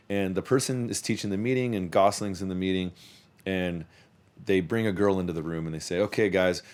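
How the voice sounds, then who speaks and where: Low-voiced man in rambling casual chat. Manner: profane, rambling, repeats words when restarting. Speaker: podcast host; youth sports coach.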